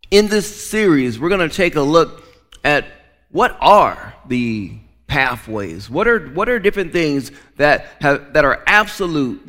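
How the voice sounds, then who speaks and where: A man preaching a sermon with emphatic delivery, often doubling back on his words as he builds a point. His voice sits at an ordinary middle pitch. The sound trails off in the long reverb of a large hall. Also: a bit bright. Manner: emphatic, repeats and restarts words. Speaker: pastor.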